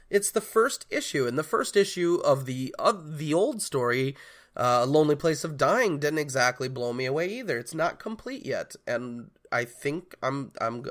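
A man's voice: mid-range voice, a bit bright. A man co-hosting a casual podcast chat, hesitant, often restarting and hedging his opinions. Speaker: guest co-host.

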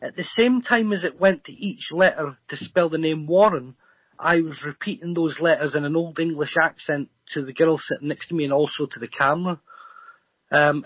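Husky man telling a story over a dull line. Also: on the high side, no echo. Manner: rambling, earnest storytelling with many ums and restarts. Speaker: guest paranormal investigator and psychic medium. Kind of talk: remote radio interview storytelling.

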